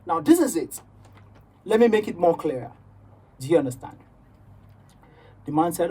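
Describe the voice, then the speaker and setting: Mellow, husky Nigerian woman on radio. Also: on the low side, lively intonation, normal speed, long pauses, distant mic. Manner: rambling, keeps asking "do you understand?". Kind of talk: casual radio chat.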